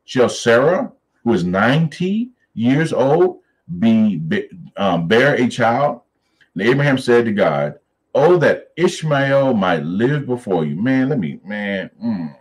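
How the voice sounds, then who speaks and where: A man leading a Bible study, reading scripture aloud slowly and then riffing on it in a lively, preacherly way. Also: medium pitch, low-quality recording.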